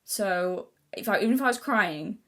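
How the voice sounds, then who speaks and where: A young woman talks to camera in an unscripted, rambling way, often restarting her sentences. Her voice sits at a middle pitch, and she sounds earnest, as if she is working her thoughts out while she speaks. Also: expressive, moderate pace, fairly bright tone. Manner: rambling, many restarts and self-corrections; earnest, thinking aloud. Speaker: vlogger. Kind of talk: casual unscripted talk to camera.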